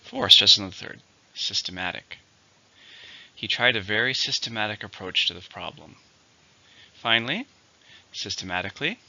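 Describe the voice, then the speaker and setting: Bright-voiced man teaching vocabulary, lo-fi. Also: fairly low pitch, creaky, no echo. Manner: slow, careful teacher's delivery, spelling out syllables and stress. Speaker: English teacher. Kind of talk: vocabulary lesson.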